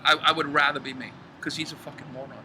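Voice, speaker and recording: A man's voice: a little high, little pitch movement, fast talker. A middle-aged man ranting in a heated, profane casual chat, recorded outdoors in a backyard. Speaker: podcast co-host. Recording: clear outdoor background noise.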